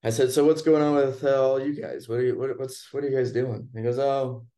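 A man casually telling a personal story in conversation, relaxed and chatty, acting out what people said. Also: mid-range voice, brisk. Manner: relaxed, chatty, acts out quoted lines.

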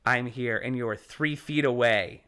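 A man in his late twenties chatting casually and telling a profane, animated story, acting out the people in it. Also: mid-range voice, a little slow, smooth. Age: late 20s.

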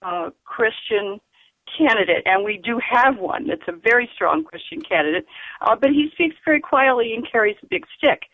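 A woman calling in to a radio show, speaking earnestly and emphatically, with many fillers and pauses. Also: on the high side, animated. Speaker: caller. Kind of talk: call-in radio comment. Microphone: telephone. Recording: tinny phone line.

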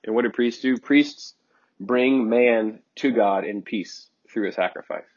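A man's voice: medium pitch, a little slow, a little mellow. A male preacher giving an emphatic sermon, repeating phrases for emphasis with frequent ums along the way. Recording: dull lo-fi sermon recording.

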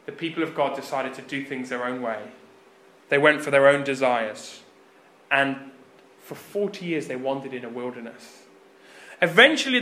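A man preaching a sermon, retelling scripture as a lively story and acting out the quoted lines with sudden loud rises. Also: mid-range voice, echoey room.

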